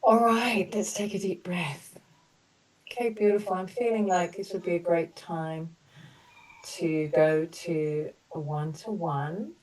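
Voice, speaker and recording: A woman leading an online group healing session, slowly offering soothing apologies and then explaining in a loose, chatty way. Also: fairly low pitch, steady tone, darkish tone, recorded from a distance, poor audio. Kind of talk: guided emotional healing session.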